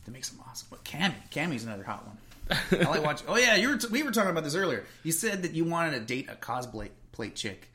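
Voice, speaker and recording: A man's voice: fairly high pitch, very animated, quick pace, sharp tone. A man in casual conversation, talking animatedly and slipping into mocking voices when he retells stories. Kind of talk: casual chat.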